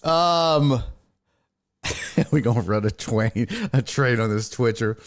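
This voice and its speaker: A man's voice: medium pitch, takes it slowly. A man hosting a live stream show, chatting casually and profanely and greeting viewers by name. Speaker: podcast host on a live stream. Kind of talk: casual chat, reading out live chat.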